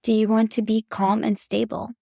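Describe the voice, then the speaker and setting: A woman coach speaks earnestly and directly to her listener about faith and self-control. Her somewhat high voice has a gravelly edge. It is recorded close up and dry, with no room sound. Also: flat delivery, normal speed, warm tone, dry recording. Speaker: podcast host and parenting coach. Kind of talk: faith-based coaching talk.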